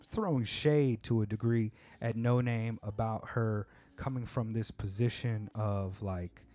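A man's voice: on the low side, fairly even intonation, measured pace, mellow, faint music behind. A man hosting a podcast, talking at length in a laid-back, talkative way and swearing a lot. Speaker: podcast host. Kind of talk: casual chat.

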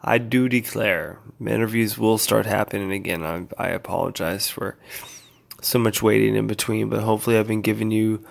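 A man's voice: on the low side, fairly even intonation, normal speed, creaky. A tired man giving a casual, rambling vlog update to his followers, loose and full of fillers. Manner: laid-back, meandering, filler-heavy. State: tired, yawning. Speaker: vlogger.

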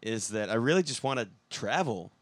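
A man's voice: mid-range voice, expressive, brisk. A man chatting casually, rambling and swearing freely while he tells stories. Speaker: band member, songwriter. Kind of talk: casual podcast chat.

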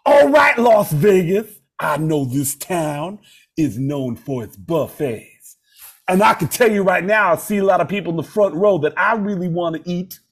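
A comedian doing an impression of a rock frontman, shouting stage banter to an arena crowd in a high voice. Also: very animated, unhurried, exaggerated voice. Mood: leering stage banter.

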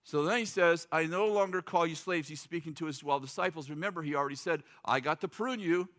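A man's voice: on the high side, a little fast, fairly bright tone. A middle-aged man preaching a sermon in a loose, joking, conversational way, acting out quotes. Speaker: pastor.

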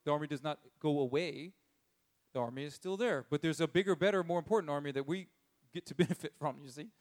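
A man giving a conversational sermon, chuckling often and acting out characters' lines in quick voices. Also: a little high, a little mellow. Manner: chuckles often while telling the story. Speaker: preacher.

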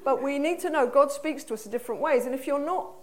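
Higher-pitched English woman preaching. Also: fast, a little hiss or hum. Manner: earnest, conversational, asks the congregation questions. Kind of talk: sermon. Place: church hall.

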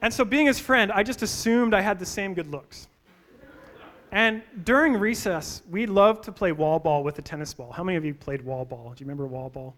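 A man's voice: high voice, fairly quick, a bit bright. A man preaching a sermon, speaking straight to his congregation and mixing scripture with funny stories about himself. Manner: storytelling with humor and direct questions to the congregation. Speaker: pastor.

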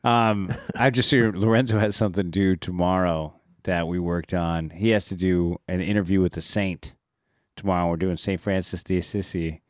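A man's voice: sits low, fairly even intonation, moderate pace, no room sound. A middle-aged man co-hosting a casual podcast chat, dry and joking. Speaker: podcast co-host.

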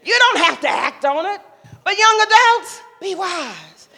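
An older woman giving an impassioned, preacherly speech to young adults, rising to loud emphatic calls. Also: very high voice, animated, unhurried. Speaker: speaker sharing a mother's wisdom. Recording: long echo of a large hall.

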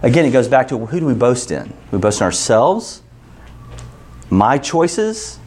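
A man's voice: mid-range voice, big pitch swings, unhurried, darkish tone, a little hiss or hum. Joking conversational male preacher. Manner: conversational and joking, lists numbered points. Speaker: pastor. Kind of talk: sermon teaching with scripture readings.

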